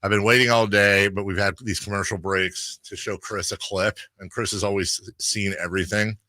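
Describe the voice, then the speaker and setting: Animated low-voiced male radio host. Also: moderate pace, dry recording. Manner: animated storyteller, laughs often. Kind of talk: casual chat. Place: radio studio.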